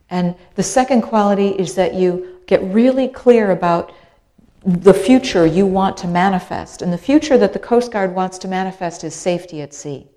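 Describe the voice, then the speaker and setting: Middle-aged woman, animated storyteller. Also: lowish voice. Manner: animated storyteller, acts out quoted voices; repeats phrases for rhythm. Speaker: author and speaker. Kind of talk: storytelling talk.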